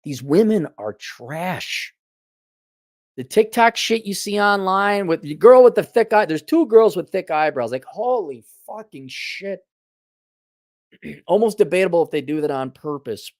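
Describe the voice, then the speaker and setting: Guy ranting on his own show, blunt and sweary, lively up and down voice, dry close mic. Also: fairly high pitch, no echo. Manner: blunt, profane, sarcastic, rambling restarts. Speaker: host. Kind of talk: casual commentary rant.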